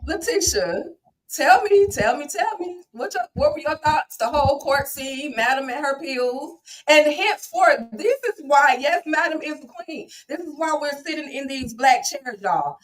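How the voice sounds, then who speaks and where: A woman's voice: high voice, animated, moderate pace, recorded from a distance, low-quality recording. A woman hosting a casual TV recap panel over a video call. She talks in a chatty way, laughs often, and calls on each panelist by name. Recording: voice set back from the mic.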